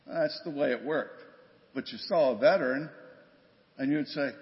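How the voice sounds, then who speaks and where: A man's voice: medium pitch, animated, moderate pace. An older man and former police officer, recounting a story plainly and conversationally in a church talk. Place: church sanctuary. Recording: dull, long church reverb.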